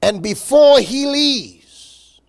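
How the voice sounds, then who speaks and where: A man preaching a sermon as pastor, emphatic, with repeated words and dramatic pauses. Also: very high-pitched, expressive, vocal fry.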